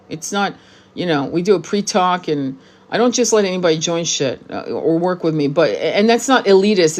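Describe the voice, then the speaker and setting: A woman in her sixties, with a fairly low and slightly mellow voice, works as a tarot reader and spiritual teacher. Facing the camera in a relaxed monologue, she speaks bluntly, uses profanity, and keeps repeating herself for emphasis.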